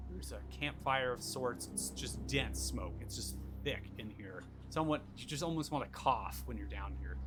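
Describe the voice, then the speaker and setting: A man narrates a tabletop game as game master, describing scenes at an easy pace with fillers along the way. His voice sits at a middling pitch, and music plays clearly behind him. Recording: background music.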